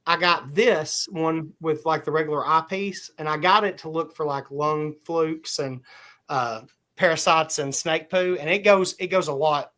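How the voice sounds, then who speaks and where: A man's voice: on the high side, unhurried, bright, forceful tone. A man co-hosting a podcast, explaining practical details in casual chat. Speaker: podcast co-host.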